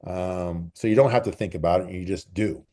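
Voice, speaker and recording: A man who coaches track and field, answering interview questions in a relaxed, rambling way and repeating phrases for emphasis. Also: sits low, normal speed. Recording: call recording.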